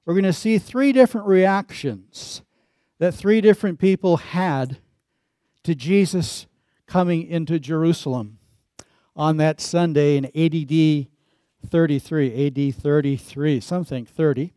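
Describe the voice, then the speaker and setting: A man preaching a sermon as pastor, telling stories in a folksy, lively way. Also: fairly high pitch, no room sound, studio quality. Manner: folksy storytelling with lively emphasis.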